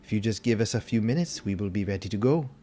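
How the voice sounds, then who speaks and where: A man's voice: on the low side, lively intonation, fast, mellow, lightly acted. A man doing a polite elderly merchant. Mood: courteous. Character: elderly male merchant in green robes, polite and formal. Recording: music playing behind.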